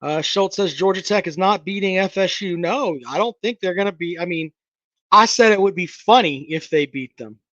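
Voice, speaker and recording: A man's voice: sits high, moderate pace, a bit bright, dry recording. Man, sarcastic, swearing, casual sports talk, dry muffled mic. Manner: blunt, sarcastic, swears freely, mocks callers' takes. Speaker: sports talk show host reading live chat.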